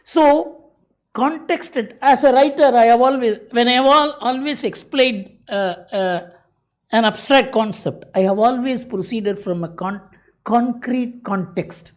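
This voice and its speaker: A middle-aged woman, a journalist giving a formal conference address, emphatic and repeating key phrases, pausing now and then with fillers. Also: on the high side.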